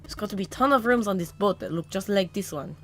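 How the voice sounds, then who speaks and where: A woman voicing a troubled grown man with lost memories, an ex-cop, reading a visual novel aloud in a halting, searching way. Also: mid-range voice, animated, a little hiss or hum, close to an everyday voice. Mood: explaining.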